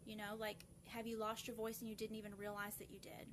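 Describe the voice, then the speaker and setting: Speaking fast in a completely flat, medium-pitched voice, this woman hosts a grief support live video with background noise behind her. Her casual, earnest talk to viewers is full of fillers and restarts.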